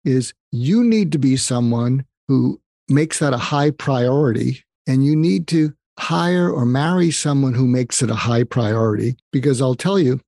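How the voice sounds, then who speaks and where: A man's voice: medium pitch, a little slow, creaky, few pauses, dark tone, no echo, studio quality. An older man, a psychiatrist, telling stories and giving earnest advice as an interview guest. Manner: earnest, advising, quotes people in stories. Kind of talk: interview storytelling.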